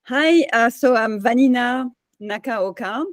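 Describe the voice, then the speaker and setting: A woman's voice: fairly high pitch, measured pace, dry recording, clean studio sound. A middle-aged woman realtor with a French accent, introducing herself hesitantly on a video call. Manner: hesitant, many uh fillers, warm and excited.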